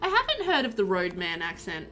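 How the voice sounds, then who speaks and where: A woman's voice: mid-range voice, wildly swooping pitch, brisk, bright, forceful tone. A woman chatting casually while streaming a game, reading chat aloud and laughing often.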